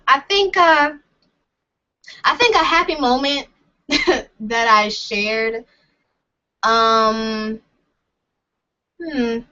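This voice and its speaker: A woman's voice: mid-range voice, bright, forceful tone. A young woman vlogging in a casual chat, rambling and hesitant with many fillers and laughs. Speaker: vlogger answering questions. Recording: dull lo-fi sound.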